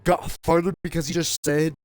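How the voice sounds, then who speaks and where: A man streaming a game, ranting in a heated, profane way and often shouting. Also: a little high, flat delivery, normal speed, no room sound. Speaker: gaming streamer. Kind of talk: casual rant while streaming a game.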